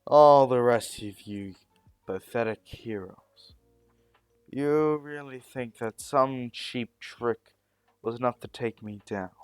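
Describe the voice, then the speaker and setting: Man playing a mocking villain, slow drawn-out gloating, dry recording, soft music underneath. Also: mid-range voice, clean tone, no echo, close to an everyday voice. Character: gloating arrogant male villain, older. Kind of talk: fan story narration.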